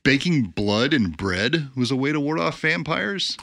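A man's voice: mid-range voice, animated, a little slow, creaky, fairly bright tone, no room sound, studio quality. An American man co-hosting a podcast, rambling through facts with lots of ums and hesitations. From United States. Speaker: podcast co-host. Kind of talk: casual podcast chat.

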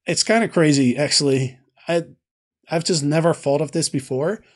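A man's voice: a little high, moderate pace. A man hosting a live stream, reading viewer comments and talking casually with many fillers and restarts. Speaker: host.

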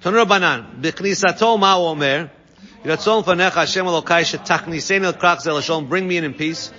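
A man teaching a Talmud class, reading Aramaic phrases and translating each one with quick asides. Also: on the high side, sharp tone. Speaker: Torah teacher. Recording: dull sound with long reverb.

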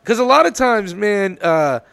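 A man's voice: sits high, expressive, a little slow, vocal fry, fairly bright tone, dry recording. A man co-hosting a podcast, trading crude jokes in casual banter. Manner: joking, crude quips. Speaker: podcast co-host.

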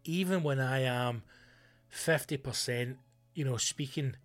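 A man with a Scottish accent hosting a comedy podcast, ranting loudly and swearing a lot. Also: medium pitch, a little slow. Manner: loud, sweary, animated ranting.

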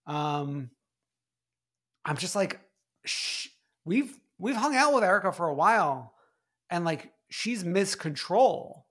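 A man's voice: high voice, animated, slow, pauses often, a bit bright. A man co-hosting a podcast in casual chat, laughing often as he tells stories with animation. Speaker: podcast co-host. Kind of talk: casual chat recapping a reality show.

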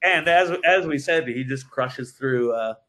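A man telling a story as a podcast guest, animated and full of swearing. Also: mid-range voice, unhurried. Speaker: brewery guest. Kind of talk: casual podcast chat.

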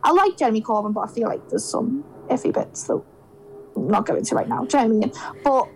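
This is a young woman from Liverpool with a broad Scouse accent and a high, bright-toned voice. She chats casually as a podcast guest. She tells animated stories and acts out what people said. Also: a little fast, gravelly, slight background noise, rough recording. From Liverpool, England. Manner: animated storyteller, acts out quotes. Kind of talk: casual chat.

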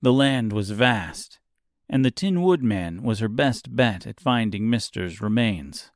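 An audiobook is narrated by a man with a lowish voice, his delivery calm and even. It's a clean studio recording without echo.

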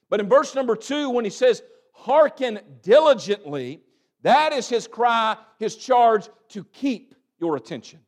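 A man preaching a sermon as pastor, building phrases up and letting them drop off quietly. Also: sits high. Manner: preaching with swelling and fading emphasis, repeated phrases.

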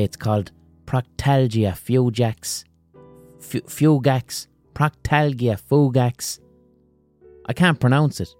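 A man hosting a podcast, telling a crude comic story in an animated way. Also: medium pitch, no room sound. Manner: crude, animated, gasping impressions. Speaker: podcast host.

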